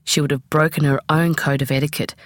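A woman reads a memoir aloud as an audiobook, measured and expressive. Her voice is low and deep for a woman. The recording is close and dry, with no room sound. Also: no echo. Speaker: audiobook reader. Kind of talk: audiobook narration.

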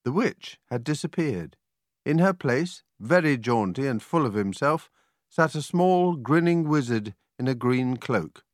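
A man reading a children's storybook aloud, with an animated, expressive delivery. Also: mid-range voice, measured pace, dry recording, studio quality. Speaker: audiobook reader.

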